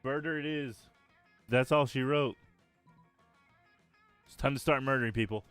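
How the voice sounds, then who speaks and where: A man's voice: mid-range voice, normal speed, fairly bright tone, smooth, soft background music. Swearing, laid-back male game streamer. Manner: casual, swears, laughs often. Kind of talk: casual game stream commentary.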